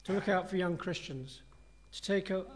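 A male preacher gives a sermon in a relaxed, conversational manner, earnest and reflective as he talks his congregation through a passage. His voice sits a little higher than most men's. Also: normal speed.

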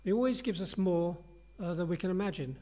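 A man's voice: high voice, fairly quick, mellow. A man preaching a sermon in an earnest, conversational and reflective way.

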